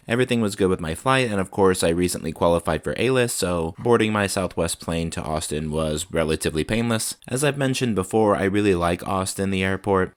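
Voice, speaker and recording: A man with a deep, low voice narrates a travel voice-over. He recounts his journey step by step in a steady, orderly manner. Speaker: travel vlogger.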